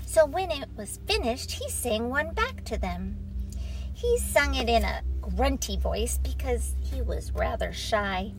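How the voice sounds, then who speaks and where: A woman narrating a children's storybook in a gentle, expressive reading. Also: a little high, a little slow, a little hiss or hum, poor audio.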